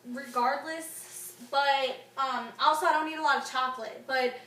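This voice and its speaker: A woman's voice: high-pitched, fairly even intonation, moderate pace, sharp tone, roomy sound, recorded from a distance, low-quality recording. A woman in her twenties talking openly and emotionally to the camera in a casual vlog, with many fillers. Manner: open, emotional, chatty with fillers like "like" and "um". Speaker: fitness vlogger.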